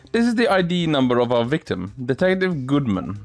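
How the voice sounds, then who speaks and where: A man's voice: medium pitch, huge pitch swings, normal speed. A man reading a courtroom game aloud and doing every character's voice himself, sometimes stumbling over words. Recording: faint music behind.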